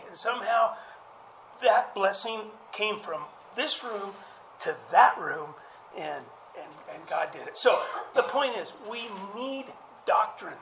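A male pastor delivers a sermon in a high, earnest voice, often repeating words as he builds each point. The sound carries the roomy echo of a church hall, with a faint ambient hum underneath. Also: gravelly, sharp tone.

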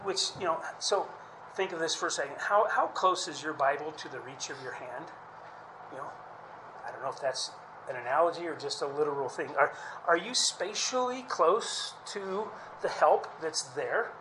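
A man's voice: a little high, normal speed, noisy background. A man preaching a sermon in a conversational way, often restarting phrases and asking the listeners questions. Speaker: pastor.

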